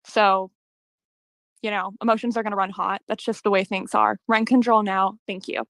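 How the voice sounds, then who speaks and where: A woman giving public comment over a video call, earnest and hesitant, with many pauses and ums. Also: medium pitch, level tone, gravelly, a bit bright, dry recording, rough recording.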